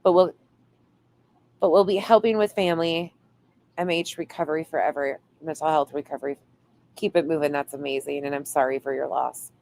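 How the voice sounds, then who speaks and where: A woman's voice: low-pitched, steady tone, a little fast, darkish tone, a little hiss or hum. A woman hosting a casual livestream, reading viewer comments aloud and swearing playfully. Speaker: livestream host reading chat.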